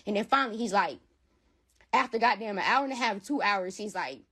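A woman's voice: mid-range voice, brisk, a bit bright, slightly rough. A woman giving an emotional personal account in an interview, heated and repetitive, swearing often. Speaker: interview guest.

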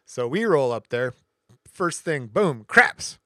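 The man co-hosting this podcast talks slowly in a mid-range voice, recounting a long anecdote in a relaxed chat. Animated throughout, he acts out the quotes of the people in the story. Studio quality, no echo.

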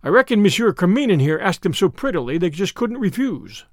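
A man's voice: sits high, sing-song, fairly quick, no echo, studio quality. A man voicing a brash, easygoing young American man, with an American accent and a slangy, drawling way of talking. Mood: easy, wry.

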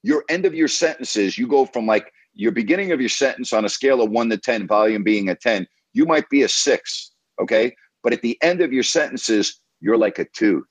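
A man's voice: medium pitch, expressive, moderate pace, hardly any pauses, breathy edge, no room sound. A man hosting a sports radio show, coaching a caller in an emphatic, repetitive, lecturing way.

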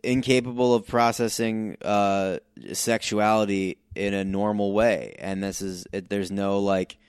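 A man with a very low, smooth, resonant voice, co-hosting a podcast. He talks in a halting way, starting phrases over and over, in a dry, close sound. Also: steady tone, dry recording. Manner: halting, restarts, many "you know"s. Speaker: podcast co-host. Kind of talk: casual chat.

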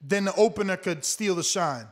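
An older man, a fighter, arguing heatedly, loud and combative, repeating himself and swearing. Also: sits high, normal speed, over a noisy crowd. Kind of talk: heated argument.

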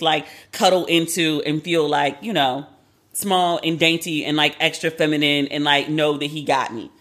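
A woman's voice: low-pitched, fairly bright tone. A woman hosting a podcast alone, talking in a chatty, candid, profane way. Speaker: podcast host. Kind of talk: casual solo commentary.

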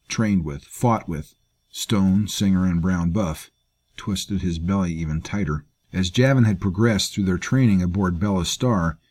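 A man narrating a grim fantasy story in a measured, grave manner. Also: deep voice, darkish tone. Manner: measured, grave, performs all characters. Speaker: audiobook narrator. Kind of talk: scripted narration.

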